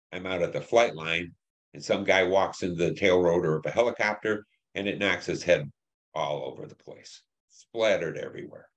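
An older man in his seventies, a veteran from Detroit, telling war memories in an interview, plain and halting with many fillers. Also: sits low, a bit bright. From Detroit, Michigan. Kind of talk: oral history interview.

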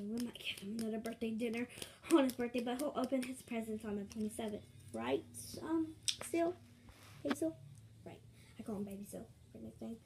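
A woman narrating a casual toy role-play, chatty and rambling with many fillers. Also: fairly high pitch. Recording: noisy home recording with clicks.

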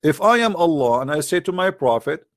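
A man's voice: fairly high pitch, big pitch swings, fairly quick, dry recording, clean studio sound. A man hosting a religious debate, talking in a mocking, emphatic way with a lot of repetition. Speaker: debate host. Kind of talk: argumentative religious debate talk.

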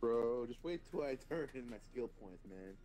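A man's voice: medium pitch, animated, normal speed, a crowd in the background. A man in his twenties, streaming a game, telling a rambling story to a friend and laughing often. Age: 20s. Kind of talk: casual chat while gaming.

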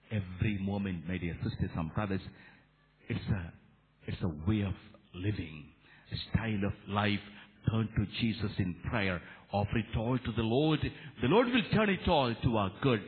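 A man from India preaching a sermon as a Catholic priest, animated, asking rhetorical questions of his listeners. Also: fairly low pitch. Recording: echoey hall over a tinny narrow line.

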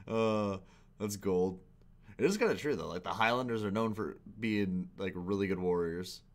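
A man's voice: low voice, normal speed. A man hosting a reaction video, talking casually with rambling asides and frequent laughs. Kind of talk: casual commentary.

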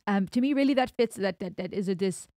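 A woman's voice: medium pitch, quick pace, mellow, no echo, studio quality. A woman from Germany with an American accent, giving reflective reaction commentary on a song as host and explaining her thoughts at length.

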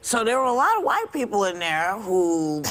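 A woman panelist on a daytime talk show, speaking in an animated, conversational way. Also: medium pitch, normal speed, a little hiss or hum.

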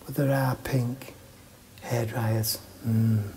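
Wry Manchester man, mellow voice. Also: mid-range voice, steady tone, extremely slow, slight background noise. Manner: chatty, jokey, wry asides. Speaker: travel vlogger reviewing a hotel. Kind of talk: casual vlog walkthrough. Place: small hotel room and stairwell.

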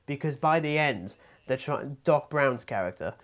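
A man's voice: medium pitch, animated, normal speed, fairly bright tone. A young man co-hosting a film podcast in casual chat. He is wry and a little hesitant, often restarting his sentences. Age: young adult. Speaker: podcast co-host. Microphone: podcast mic.

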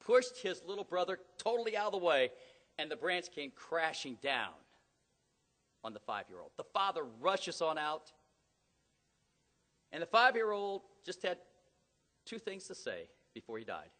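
A middle-aged man preaching a sermon in a church, telling stories dramatically and rising to loud emphatic peaks. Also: a little high, sing-song, a little slow, pauses often. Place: church hall. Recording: long hall reverb.

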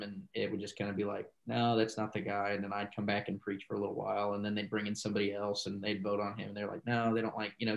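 Male pastor, lowish voice, casual interview storyteller who rambles through asides and acts out quoted dialogue. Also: low-quality recording.

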